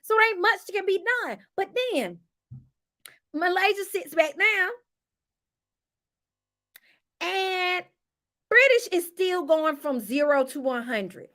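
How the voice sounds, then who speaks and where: A woman hosting a casual reality TV recap vlog, sassy and animated, talking straight to her viewers and calling them honey. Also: extremely high pitch, measured pace.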